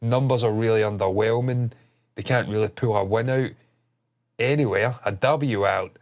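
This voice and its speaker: A man's voice: on the low side, moderate pace. Brief: male host, blocked nose, loose rambling delivery, casual swearing. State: stuffed-up nose. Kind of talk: casual chat stream.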